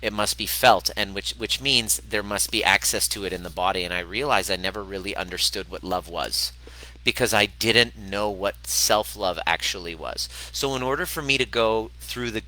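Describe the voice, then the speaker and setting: A man with a fairly low voice talks on a casual livestream. His tone is sharp and forceful, and he speaks candidly, swears freely and repeats himself for emphasis. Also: normal speed, rough recording. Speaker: host of a livestream on self-love and healing.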